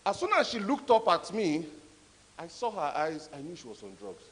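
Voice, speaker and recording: A man tells stories at a conference in a high, swooping voice, pressing hard on his points. His talk rings through a big hall with a long echo. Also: normal speed, a little hiss or hum. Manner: animated, emphatic storyteller. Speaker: conference speaker. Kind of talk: storytelling talk. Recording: echoey hall.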